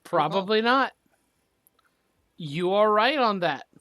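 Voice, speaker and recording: Unhurried woman running a tabletop game. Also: mid-range voice, expressive, a bit bright, no echo, clean studio sound. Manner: unhurried, counting squares aloud. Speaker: game master.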